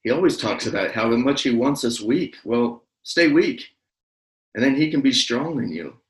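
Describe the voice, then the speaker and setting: A man's voice: mid-range voice, lively intonation, moderate pace, roomy sound, rough recording. A man co-hosting a casual faith podcast, speaking in an earnest, reassuring and plainspoken way. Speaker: podcast co-host.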